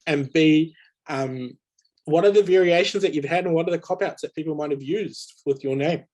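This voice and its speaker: A man's voice: on the high side, moderate pace, darkish tone. A man moderating a webinar panel over a video call, conversational, with many fillers and restarts. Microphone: video call mic.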